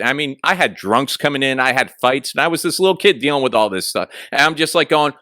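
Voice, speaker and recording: Casting: bright, dry-sounding young man, animated storyteller on a radio talk show. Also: mid-range voice, fast talker, few pauses, no echo. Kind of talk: casual banter.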